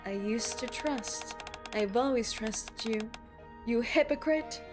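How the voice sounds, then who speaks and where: A woman voicing a quiet, cold young woman, reading game dialogue in a low, hushed, solemn way over game music. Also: slow. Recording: loud game music behind.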